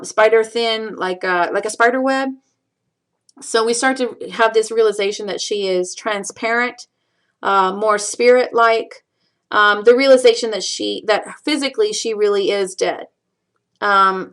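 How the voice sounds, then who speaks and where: Woman teaching a poem, slow and patient. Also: medium pitch, fairly bright tone. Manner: reads poem lines slowly, counting syllables aloud; patient explaining with frequent fillers and okay checks. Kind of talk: recorded screencast lecture.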